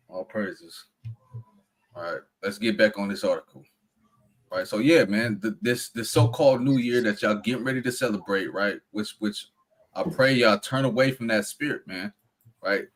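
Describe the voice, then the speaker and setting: A man in a casual religious discussion, talking in a relaxed way that is full of laughs and "man.". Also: fairly low pitch, moderate pace, pauses often.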